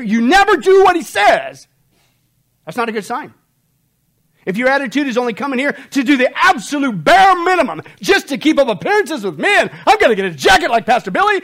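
A man preaching an expository sermon to a church congregation, swinging between loud emphatic outbursts and low hushed warnings. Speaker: pastor. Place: church service.

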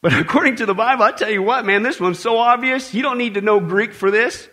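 A man preaching a sermon to a congregation, emphatic and animated, with joking asides and repeated warnings. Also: sits high, fast talker.

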